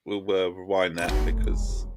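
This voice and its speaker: A man with an Essex accent streaming a racing game, chatty, rambling and quick to laugh at himself. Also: deep voice, steady tone, over loud music. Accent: Essex English. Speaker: gaming streamer. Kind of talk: casual chat while gaming. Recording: loud game noise behind voice. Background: racing game engine sounds.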